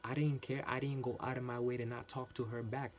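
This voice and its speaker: A man telling a workplace story in a casual, animated monologue, often repeating himself for emphasis and swearing. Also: medium pitch, fairly quick. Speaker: channel host.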